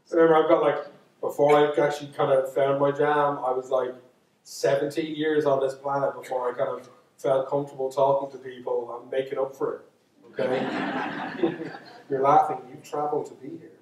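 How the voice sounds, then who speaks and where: A man's voice: medium pitch, level tone, moderate pace, darkish tone, distant mic. Chatty Dublin Irish man in an echoey hall. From Ireland. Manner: chatty, joking and self-mocking, many asides and restarts. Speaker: storyteller. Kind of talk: storytelling lecture to a live audience. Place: lecture hall.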